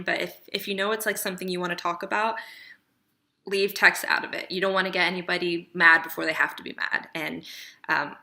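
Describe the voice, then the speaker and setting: A woman's voice: lowish voice, vocal fry, pushed and bright. A woman talking casually to camera, giving relationship advice in a chatty, emphatic way and often checking in with the viewer.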